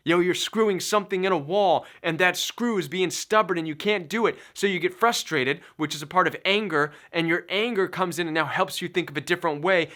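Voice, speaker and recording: Emphatic, bright-voiced man coaching listeners. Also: a little high. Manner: emphatic, preachy, repeats key phrases. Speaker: recovery coach. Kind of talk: motivational self-help talk.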